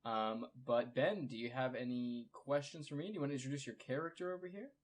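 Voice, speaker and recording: A man narrating as game master in a relaxed, casual way. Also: mid-range voice, a little fast.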